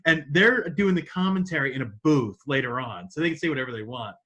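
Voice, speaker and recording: A man hosts a casual podcast with a bright, ringing tone. He tells stories excitedly and swears freely. His voice sits a bit higher than most men's. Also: fast, highs cut off. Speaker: podcast host.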